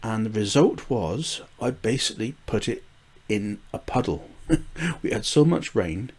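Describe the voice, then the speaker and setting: A man's voice: fairly low pitch, expressive, a little slow, darkish tone, breathy edge. An older man from the UK rambling casually through a gardening vlog, with frequent fillers, restarts and small chuckles. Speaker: gardening vlogger.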